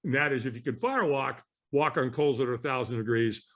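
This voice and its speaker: A man telling an animated story as a guest on an interview podcast, acting out the voices of people in it. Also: mid-range voice, fast talker, highs cut off.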